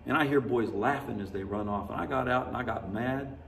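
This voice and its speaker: A man's voice: mid-range voice, fairly quick, creaky, fairly bright tone, slight background noise. Folksy preaching man in a roomy church. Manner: conversational, folksy storytelling preaching with laughter. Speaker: pastor. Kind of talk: sermon. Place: church sanctuary. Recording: roomy, distant church mic.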